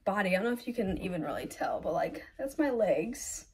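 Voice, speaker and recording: A young woman vlogging casually, talking fast and filling with "like" and "um", filmed on a phone in her car and later on a tripod at home. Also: mid-range voice, expressive, a little mellow, slightly rough. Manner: fast, chatty, lots of "like" and "um". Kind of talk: casual vlog chat. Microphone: phone camera, then on a tripod.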